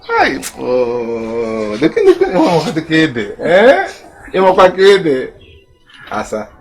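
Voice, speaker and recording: An actor with a Nigerian accent playing a boastful, coaxing husband of two wives, shouting for one and wheedling the other. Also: male voice, on the high side, takes it slowly, soft background music, exaggerated voice. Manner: animated, calls out loudly, then wheedles softly.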